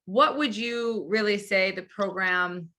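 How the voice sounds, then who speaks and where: A woman's voice: medium pitch, slow pace, sharp tone. A woman hosting a podcast interview, chatty and effusive. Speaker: podcast host and coach. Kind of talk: casual interview.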